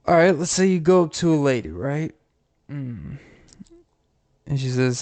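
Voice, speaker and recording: A man hosting a podcast who tells comic scenarios in a rambling, profane way, with pauses and "um"s. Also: mid-range voice, expressive, vocal fry, a little mellow. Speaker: podcast host. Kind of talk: comic storytelling.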